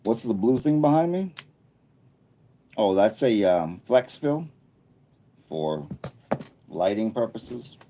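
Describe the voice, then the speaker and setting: A man with a low voice and a dark, mellow tone hosts a casual live stream. He chats loosely and thinks out loud as he reads and answers his viewers' comments. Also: lively intonation, slow pace, pauses often, slight background noise. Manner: chatty, thinking aloud while reading viewer chat. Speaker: livestreamer. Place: indoor room under a bright studio light.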